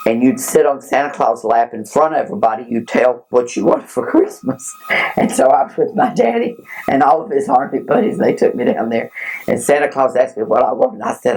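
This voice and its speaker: A man in his fifties with a Southern drawl tells stories in a gravelly, husky voice. His pitch swoops up and down as he acts out the people in his tales. It sounds like a hotel room interview. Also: darkish tone, low-quality recording. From Tennessee, USA. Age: 50s. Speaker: interview guest. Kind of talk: animated storytelling.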